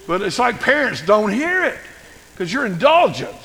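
An older man preaching a sermon as a pastor, folksy and humorous, with animated storytelling. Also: sits high, moderate pace, gravelly, long reverb tail, a little hiss or hum, rough recording.

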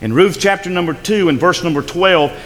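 A man's voice: sits high, fairly quick, fairly bright tone. A man preaching a sermon in an emphatic style, repeating his words and acting out scripture. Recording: long hall reverb.

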